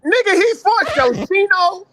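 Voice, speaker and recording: High, bright-voiced man ranting hard. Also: animated, unhurried. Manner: profane, ranting, emphatic. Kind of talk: heated casual panel talk.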